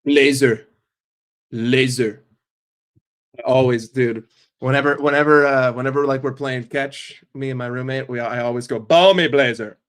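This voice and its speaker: A man's voice: medium pitch, level tone, a little slow, long pauses. A man from New York ranting casually and profanely on a live stream, rambling between jokes and opinions. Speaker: football fan streamer.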